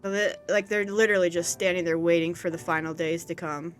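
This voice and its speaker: A woman's voice: lowish voice, little pitch movement, brisk, faint music behind. A woman hosting a let's play, chatting casually and giggling while reading game lines. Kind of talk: casual gaming commentary. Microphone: USB condenser mic.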